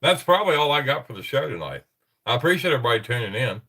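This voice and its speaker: A man's voice: mid-range voice, sing-song, racing, sharp tone, breathy edge, recorded from a distance. A man hosting a paranormal chat show, talking casually and rambling with many restarts. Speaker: podcast host.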